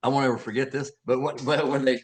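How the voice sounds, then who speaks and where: An older actor being interviewed, telling animated stories with many restarts and acting out the voices of people he quotes. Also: medium pitch, quick pace, husky. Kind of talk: anecdotal storytelling.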